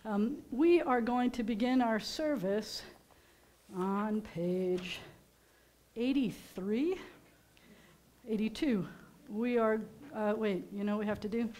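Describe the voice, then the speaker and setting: A woman's voice: on the high side, slow, pauses often. Chatty American woman rabbi. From United States. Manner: chatty, teacherly, gently joking. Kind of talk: casual sermon talk to a congregation. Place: synagogue sanctuary during a service.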